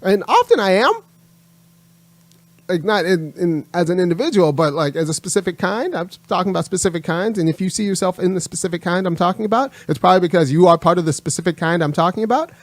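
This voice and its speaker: A man's voice: high voice, lively intonation, fast talker, no echo. A man hosting his own channel, giving an emphatic opinion monologue that repeats its points and lectures. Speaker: channel host.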